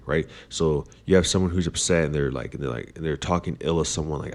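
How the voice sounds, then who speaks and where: Guy with a super deep voice rambling about philosophy, lots of ums. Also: fairly quick, darkish tone. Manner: rambling, many fillers and restarts. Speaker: podcast host. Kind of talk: casual philosophical monologue.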